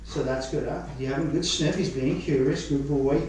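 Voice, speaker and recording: An Australian man training dogs in a studio, his voice a touch higher than most men's. He explains things step by step and gives the dogs calm commands. The room is very echoey and he stands well back from the mic. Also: fairly quick, far from the mic, a little hiss or hum. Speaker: dog trainer. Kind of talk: explaining while demonstrating.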